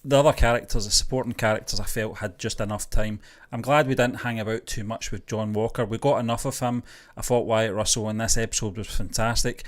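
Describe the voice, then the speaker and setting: A man co-hosting a casual review podcast, speaking in a measured, agreeable way and often chiming in with "yeah". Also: fairly low pitch, fairly even intonation. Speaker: podcast co-host.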